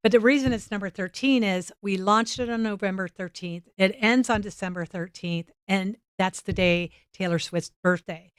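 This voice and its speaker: A woman guest on a podcast tells stories in an easy conversational way, slipping into the voices of the people she quotes. Her voice is smooth and resonant, recorded close and dry in a studio with no room sound. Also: mid-range voice, moderate pace, hardly any pauses, no room sound. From United States. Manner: animated, acts out quoted dialogue. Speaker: podcast guest, motorsports nonprofit director. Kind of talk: casual storytelling interview. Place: studio set.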